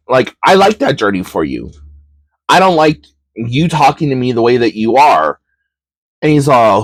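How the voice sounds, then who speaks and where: Slow, candid man telling a personal story. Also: medium pitch, big pitch swings, dry recording. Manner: candid, reflective, with frequent ums and likes. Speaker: podcast host.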